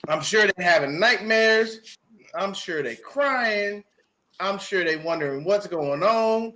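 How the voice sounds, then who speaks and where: A man appearing as a podcast guest launches into a fired-up rant about a football game, profane and emphatic, hammering the same points again and again. His high-pitched voice is animated, bright and forceful, yet slow.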